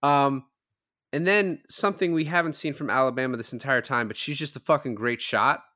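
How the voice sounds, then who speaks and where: In a mid-range voice at a slightly quick pace, a man hosting a podcast runs through movie scenes in a casual review. He's animated throughout, acting out quotes in character voices.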